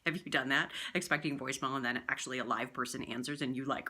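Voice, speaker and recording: A woman who works as a voiceover artist, talking casually to camera as she gives communication tips and shows vocal warm-ups. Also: extremely low pitch, fast, slightly rough. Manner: lively, chatty, demonstrative. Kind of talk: direct-to-camera tips video.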